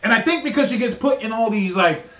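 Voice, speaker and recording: A man's voice: very high-pitched, animated, quick pace, a bit bright. A man co-hosting a livestream, reading chat and asking questions with hesitant restarts. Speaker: stream co-host reading chat. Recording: roomy, off-mic sound.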